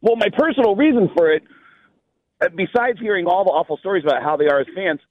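A stand-up comedian, a man from New York, telling lively stories on a talk show and acting out the people in them. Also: high-pitched, fast, narrow, tinny audio. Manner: lively storyteller, voices the people in his anecdotes. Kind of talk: animated storytelling on a talk show.

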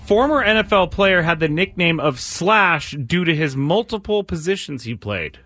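A man's voice: fairly high pitch, animated, moderate pace, bright, forceful tone, no echo. A man co-hosting a sports radio call-in quiz, reading questions to callers with energy and laughing easily. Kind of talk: lively sports radio banter.

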